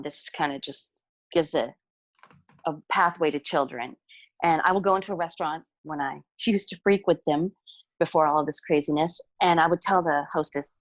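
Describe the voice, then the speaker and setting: A woman guest on a podcast, telling stories in a relaxed, amused way with frequent fillers. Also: low voice, dry recording. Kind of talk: casual storytelling conversation.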